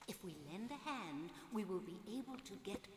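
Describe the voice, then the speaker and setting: A woman voicing a scheming older female cult leader in a game, who speaks in a slow, measured, persuasive way. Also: medium pitch, expressive, darkish tone, in a large hall, slight background noise, lightly acted.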